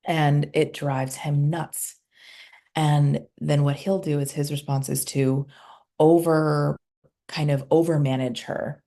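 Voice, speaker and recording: A woman's voice: deep voice, flat delivery, slow pace, warm tone. A woman, a somatic healer guest on a podcast, recounting client sessions in casual conversation and acting out the dialogue.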